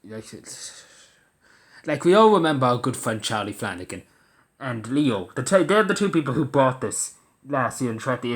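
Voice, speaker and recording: Swearing repeatedly and stumbling as he restarts, an Irish commentator rants angrily through a monologue. His voice sits in the mid range with a slightly bright quality.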